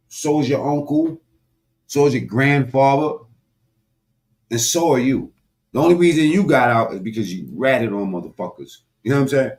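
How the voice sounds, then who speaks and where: A man giving a profane, animated political commentary rant, talking straight to his viewers with sudden loud swings. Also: medium pitch. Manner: animated, loud swings, heavy swearing, talks to viewers directly.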